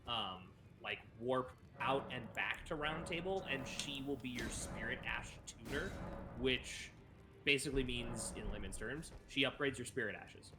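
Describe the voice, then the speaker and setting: A man's voice: mid-range voice, a little slow, pushed and bright. A man hosting a co-op gaming session, chatting casually and explaining game mechanics with playful asides. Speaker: gameplay host guiding a co-op partner.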